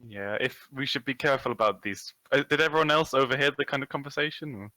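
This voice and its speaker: A man's voice: medium pitch, fast, sharp tone, no room sound, low-quality recording. A man playing a tabletop game, speaking casually with hesitant restarts. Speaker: player.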